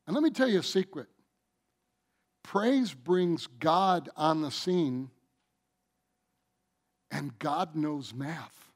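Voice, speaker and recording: Slow, emphatic male preacher. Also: lively intonation. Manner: emphatic, drawn-out phrases, loudness swinging from booming to hushed. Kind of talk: sermon.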